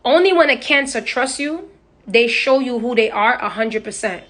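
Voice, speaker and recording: A woman's voice: on the high side, lively intonation, moderate pace, fairly bright tone. A young woman chatting bluntly and with profanity on a phone livestream. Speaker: social media personality. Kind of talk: casual livestream chat. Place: indoors, on a live stream.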